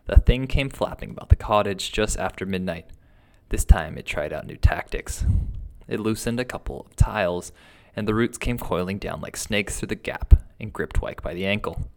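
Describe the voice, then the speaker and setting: A man reading a first-person ghost tale aloud in a steady, dramatic storytelling manner. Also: lowish voice, normal speed, creaky. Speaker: narrator.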